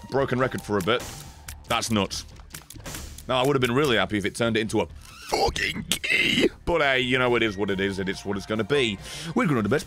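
A man streaming a game, chatting casually and swearing as he thanks viewers, his throat hoarse and strained. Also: mid-range voice. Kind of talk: casual live-stream chat while gaming.

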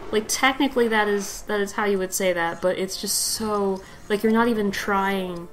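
A woman's voice: mid-range voice, moderate pace, rough recording. Young woman doing casual lets play commentary, rambly, says like a lot, giggles. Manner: rambling, filler-heavy, giggly. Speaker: let's play host.

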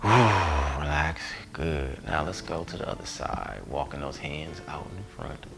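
A man guiding a yoga class, relaxed and playful, sighing and joking between cues. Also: extremely low pitch, a little slow. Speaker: yoga instructor. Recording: music playing behind voice.

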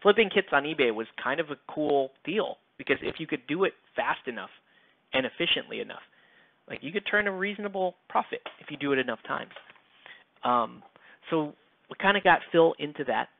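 While painting miniatures for his channel, a male host chats in a rambling way, full of fillers and casual cursing. His voice is a little high, expressive, creaky, and fairly quick, recorded dry with a tinny, phone-like quality.

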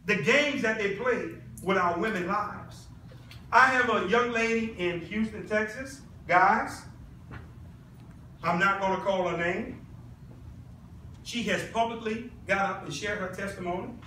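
A man's voice: sits high, unhurried, bright, forceful tone, slight background noise. A man giving a live product demonstration to a room of people, persuasive and peppering the audience with questions. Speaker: product presenter. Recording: echoey room, mic at a distance.

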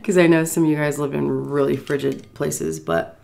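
A breathless woman just getting over the flu tells her story straight to her viewers in a chatty, unscripted vlog. Her voice sits a little low for a woman, and she keeps pausing to catch her breath and sigh. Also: steady tone, creaky, a little mellow. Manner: chatty, addresses viewers directly. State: recovering from flu, sighing. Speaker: food vlogger. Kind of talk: casual storytelling to camera.

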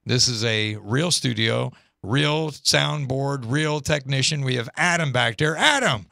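An upbeat male talk show host with a bright, gravelly voice. His pitch leaps around as he reads listener emails aloud. The studio sound is dry and close. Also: a little slow, dry recording. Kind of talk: casual live talk show.

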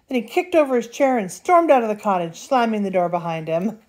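An older woman reads a children's story aloud in a lively, expressive way. Her pitch sits in an ordinary middle range, and she paces the story with playful pauses. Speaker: storybook reader.

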